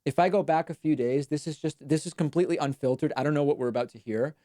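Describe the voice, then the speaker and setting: A man's voice: a little high, fast, dark tone, no room sound. A man hosting a live stream, giving dry, wry commentary in a casual chatty way.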